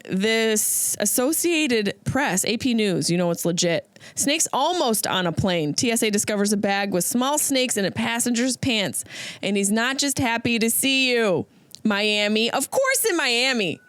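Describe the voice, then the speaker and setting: A woman's voice: on the high side, expressive, a little slow, fairly bright tone, dry recording. Riffing woman comic, dry close sound. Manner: riffing, slips into silly voices. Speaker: comedian and podcast host. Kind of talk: comedic monologue.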